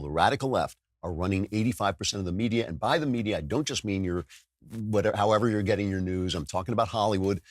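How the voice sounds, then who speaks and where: A man's voice: lowish voice, no echo, clean studio sound. A man hosting a political talk show, delivering a sardonic, self-mocking monologue with frequent stumbles and restarts. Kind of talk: podcast monologue with ad read.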